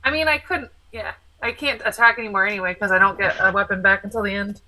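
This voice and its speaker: A woman's voice: mid-range voice, fairly even intonation, quick pace, sharp tone, a little hiss or hum, rough recording. A woman playing a tabletop game, talking through her tactics decisively. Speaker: player.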